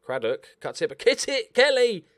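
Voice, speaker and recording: A man commentating over his own football management game, excitable and swearing at his players. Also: very high-pitched, moderate pace, no echo, studio quality. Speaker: gaming YouTuber. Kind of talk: Let's Play commentary.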